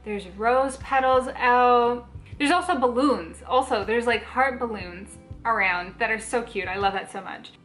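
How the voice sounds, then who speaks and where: Bright, chatty young woman vlogger. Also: fairly high pitch, a little slow, soft background music. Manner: chatty, animated, many "like" fillers. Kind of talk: casual storytelling to camera.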